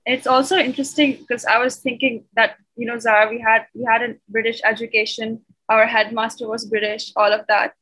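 Bright, husky young woman. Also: fairly high pitch, flat delivery, fairly quick, hardly any pauses, low-quality recording. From Pakistan. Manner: earnest, questioning, many fillers. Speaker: discussion participant. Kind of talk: casual group discussion.

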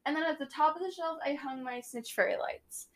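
This young woman co-hosts a podcast, her high voice brisk and slightly bright. She chats casually and rambles, restarting often and giggling a lot.

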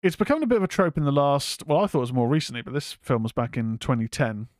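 A man's voice: mid-range voice, big pitch swings, fast, no echo, clean studio sound. Rambling English man reviewing films. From England. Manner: rambling, swears casually, reads chat comments aloud. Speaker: horror podcast host. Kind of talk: casual film review chat.

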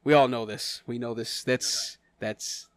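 A man's voice: mid-range voice, fairly even intonation, unhurried, dry recording. A man co-hosting a podcast in casual chat, stammering and laughing often. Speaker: podcast co-host.

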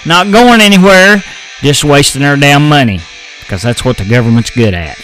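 A man with an American accent hosting his own podcast, talking in a loose, blunt and folksy way with plenty of casual swearing. His voice sits at an ordinary middle pitch. A faint guitar plays quietly underneath. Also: lively intonation, fairly quick, rough recording. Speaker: podcast host. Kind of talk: casual political podcast rant.

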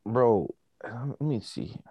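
A man's voice: mid-range voice, lively intonation, drawn-out words, dark tone, breathy edge, no room sound. A man casually chatting as a podcast co-host, rambling with lots of fillers. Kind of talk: casual chat.

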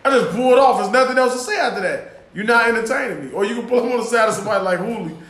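A man's voice: very high-pitched, very fast, a bit bright, reverberant. A man telling profane, laughing road-rage stories in casual chat.

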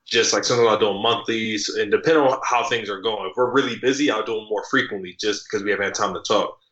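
A man's voice: lowish voice, fast talker, fairly bright tone, roomy sound, highs cut off. A man talking as a podcast guest in casual conversation, loose and rambling with many fillers and restarts. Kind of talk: casual interview chat.

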